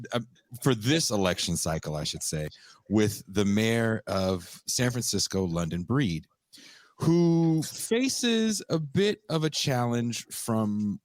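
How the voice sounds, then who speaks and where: A man hosting a podcast, giving measured commentary with some fillers. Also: lowish voice, dry recording. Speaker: podcast host.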